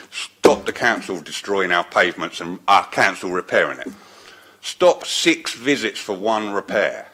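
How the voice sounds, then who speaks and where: A man pleads his case at a council meeting, his voice forceful and bright. He talks bluntly and with raw emotion, at times raising his voice to the panel. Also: sits low. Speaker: council tenant speaking at a public meeting. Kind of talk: impassioned public statement.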